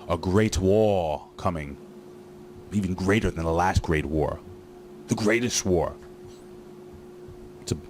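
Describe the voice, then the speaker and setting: A man's voice: deep voice, a little mellow, slight background noise. A man casually recapping a wrestling show, rambling with lots of fillers and joking asides.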